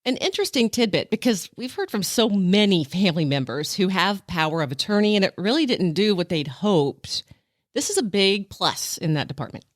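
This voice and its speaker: Woman podcast host, animated, curious, dry close sound. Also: mid-range voice, normal speed, dry recording. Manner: curious, explaining asides. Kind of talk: interview and commentary.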